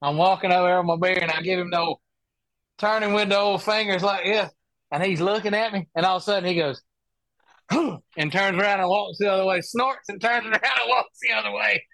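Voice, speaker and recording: There's no room sound as a man with a high, creaky voice talks a little fast. He's a professional golfer guesting on a podcast, lively in his casual storytelling and imitating the people he describes.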